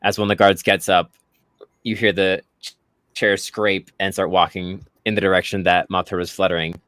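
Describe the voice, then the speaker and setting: A man's voice: moderate pace, no echo. A man running a tabletop game as game master, narrating and jumping into squealing guard voices. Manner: lively, jumps into squealing high guard voices.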